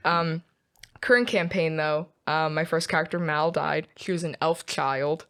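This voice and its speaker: A young woman chatting as a podcast guest, halting and laughing often as she recounts stories. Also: sits low, a bit bright. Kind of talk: casual chat.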